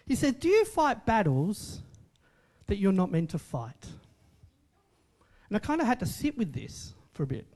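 A man's voice: high-pitched, wildly swooping pitch, unhurried, long pauses, a little mellow. A man preaching a sermon in a conversational way, repeating short phrases for emphasis and asking the congregation questions. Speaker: pastor.

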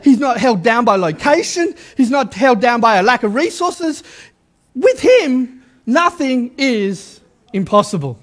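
A middle-aged man, a pastor, preaching a lively sermon and repeating his key lines for emphasis. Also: very high voice, measured pace.

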